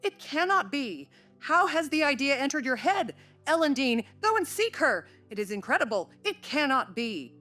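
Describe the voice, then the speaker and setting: A woman voicing a proud gentleman master of the house, speaking in a clipped, formal way. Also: sits low, big pitch swings, moderate pace, soft background music. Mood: agitated. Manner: clipped, formal, agitated to cold.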